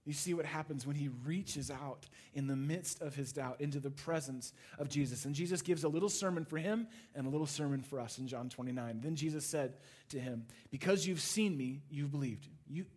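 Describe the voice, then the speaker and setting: High-voiced man preaching with big swings. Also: a little fast, breathy edge. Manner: dynamic preaching, swings from loud to hushed. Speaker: pastor. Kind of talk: sermon.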